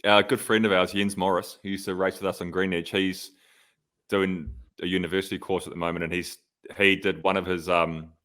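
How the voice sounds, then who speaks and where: A man's voice: deep voice, flat delivery, fairly quick, fairly bright tone. A man, a podcast co-host and former pro cyclist, telling stories in casual chat, full of "like" fillers. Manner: storytelling, lots of "like" fillers.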